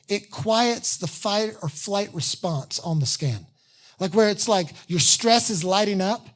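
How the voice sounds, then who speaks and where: A middle-aged pastor preaching in a casual, self-deprecating way, acting out people's inner voices as he goes. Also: high-pitched. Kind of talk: sermon.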